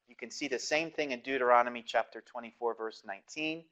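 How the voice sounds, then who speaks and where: A man's voice: mid-range voice, fast, few pauses, fairly bright tone, muffled recording. A man giving a recorded Bible lecture, reading passages aloud and explaining them with frequent fillers and restarts. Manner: reads scripture aloud, then explains it with many fillers and restarts.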